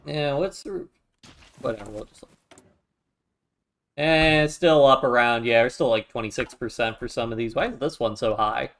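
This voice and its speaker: A man's voice: mid-range voice, moderate pace, pauses often, fairly bright tone. A man giving casual, wry commentary while playing a strategy game, chatting to himself as he goes. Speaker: gaming YouTuber. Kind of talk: casual let's-play commentary.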